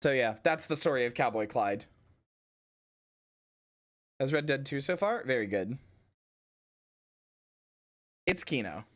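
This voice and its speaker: A woman streamer telling a story in casual stream chat, animated and rambling, and swearing casually. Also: extremely low pitch, takes it slowly, pauses often.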